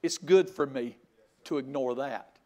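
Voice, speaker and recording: An older man preaching a sermon, telling a folksy story with loud outbursts. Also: medium pitch, measured pace. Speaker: pastor.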